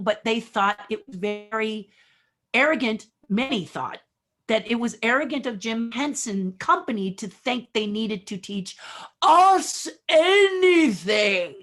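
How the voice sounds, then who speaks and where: Animated woman telling stories as a guest. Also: a little high, measured pace. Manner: animated storyteller, acts out quotes. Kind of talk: interview.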